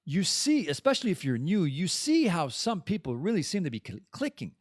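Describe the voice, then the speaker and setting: Blunt, animated French-speaking man. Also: high voice, fairly quick, no echo, studio quality. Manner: blunt, swears freely, emphatic. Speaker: podcast host. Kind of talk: candid personal monologue.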